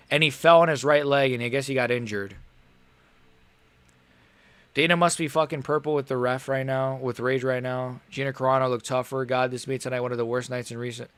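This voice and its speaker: A man's voice: medium pitch, a bit bright, dry recording. A young man hosting a live stream, reacting in casual, rambling talk, frustrated and swearing. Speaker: livestream host.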